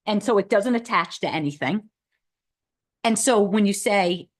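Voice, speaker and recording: A woman's voice: mid-range voice, animated, measured pace, long pauses. Rambling woman at a town committee meeting. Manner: thinking aloud, rambling with restarts and "like". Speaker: committee member. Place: meeting room.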